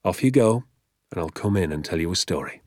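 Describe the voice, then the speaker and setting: A man voicing an excitable, scheming father in an audiobook, talking in a hushed, conspiratorial way. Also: deep voice, fairly quick, no room sound, clean studio sound. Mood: plain. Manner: conspiratorial, hushed then fervent. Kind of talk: audiobook character voice.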